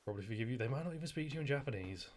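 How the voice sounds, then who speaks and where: A man's voice: medium pitch, expressive, rapid-fire, background noise. A man streaming a video game, chatting casually to viewers, swearing and laughing often. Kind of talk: casual gameplay commentary.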